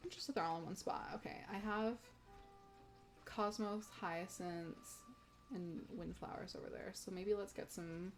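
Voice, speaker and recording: A young woman streaming a game, chatting casually with viewers, giggly and gushing. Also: medium pitch. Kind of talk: casual gameplay stream chat.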